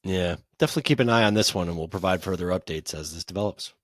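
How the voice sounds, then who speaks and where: A man's voice: sits low, a bit bright, dry recording. A man co-hosting a podcast who reads out news items and then discusses them casually. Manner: brisk news-read turning into casual banter. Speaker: podcast co-host.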